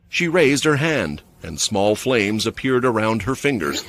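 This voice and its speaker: A man's voice: fairly low pitch, big pitch swings, unhurried, fairly bright tone. Man narrating a fantasy recap. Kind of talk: scripted story narration.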